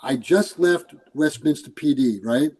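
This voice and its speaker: Older man, from New York, retired police commander, storytelling, mellow tone. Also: a little high, unhurried, husky, low-quality recording. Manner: animated, acts out quoted voices. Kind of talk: casual storytelling interview.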